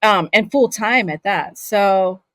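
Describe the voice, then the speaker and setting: In a casual interview, the voice actor guest shares animated, laugh-filled stories from a childhood split among California, Saudi Arabia and Scotland. Her medium-pitched voice is slow-paced and the sound is dry.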